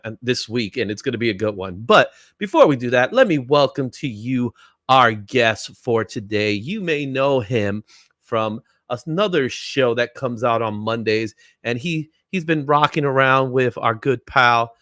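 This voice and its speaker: A man with a medium-pitched, fairly bright voice hosts a casual livestream, chatty and upbeat, greeting viewers in the chat by name. He laughs often and leans on fillers like "you know what I'm saying," and the clean studio sound has no echo.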